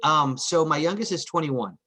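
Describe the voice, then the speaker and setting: Texan man, 40s, lively storyteller on a group call. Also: a little high, moderate pace. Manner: animated, acts out family members' voices. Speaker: meeting participant.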